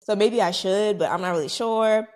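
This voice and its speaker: A young adult woman hosting her own podcast, telling a story in a casual, chatty way and acting out other people's lines. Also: normal speed. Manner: chatty, animated, acts out quoted voices higher. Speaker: podcast host.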